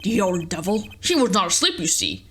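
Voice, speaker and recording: A woman voicing a calm, aloof older male stage magician who speaks in a formal, measured, mysterious way. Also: lowish voice, slight background noise.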